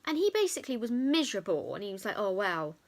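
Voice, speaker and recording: A woman's voice: on the high side, racing. A young woman, telling a chatty storytime to camera with lots of fillers. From England. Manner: chatty, animated retelling with many fillers. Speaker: vlogger. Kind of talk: storytime vlog.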